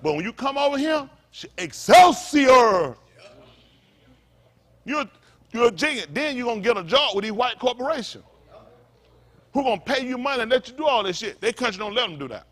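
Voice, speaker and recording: High-voiced fiery preacher man. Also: expressive, quick pace, a bit bright. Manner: impassioned, blunt and profane, with call-and-response asides. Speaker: pastor. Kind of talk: fiery sermon.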